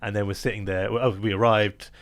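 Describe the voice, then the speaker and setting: A man in his thirties from London, a magician appearing as a guest, tells stories in a casual interview with a lowish, slightly quick voice. He's animated, laughs often, and acts out the quoted lines of other people.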